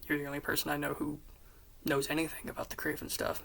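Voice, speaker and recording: A woman casually retelling an episode pitch, rambling with quick asides and swearing, in a whispery, gravelly voice. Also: completely flat delivery, fairly bright tone, rough recording. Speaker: fan pitch presenter.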